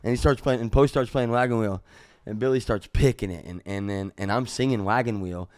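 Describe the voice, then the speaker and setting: A man from Missouri, a musician guest on a podcast, telling a story in a casual, profane way. He jumps into loud re-enactments of what was said. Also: fairly low pitch, a little fast, no echo, clean studio sound. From Missouri, USA.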